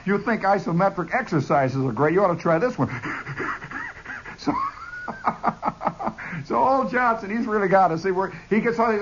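A man telling a comic army story in an animated monologue, chuckling and jumping into voices, on a dull lo-fi recording. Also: sits high, measured pace, long pauses, noisy background.

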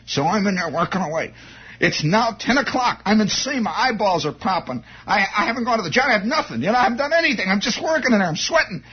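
A man telling a comic first-person story in an excitable way, stammering and restarting as he builds up, on a dull lo-fi recording. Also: high-pitched, quick pace, slightly rough.

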